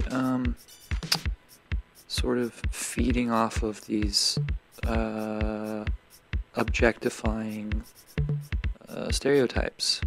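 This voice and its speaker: A man hosting a podcast who talks in a rambling, excitable way and swears now and then. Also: lowish voice. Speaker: podcast host. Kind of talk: casual monologue. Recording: music playing behind the voice. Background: music.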